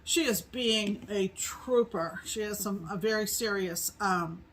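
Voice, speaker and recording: Casting: middle-aged woman co-host, unhurried, meandering with ums, from New England. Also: medium pitch, slight background noise, low-quality recording. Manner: slow, rambling with many ums. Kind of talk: casual chat.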